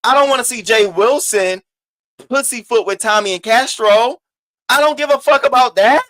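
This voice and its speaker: A man hosting a casual gossip commentary, animated and profane, swinging between loud outbursts and low asides. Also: dry recording. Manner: sassy, drawn-out emphasis. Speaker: host of a commentary channel.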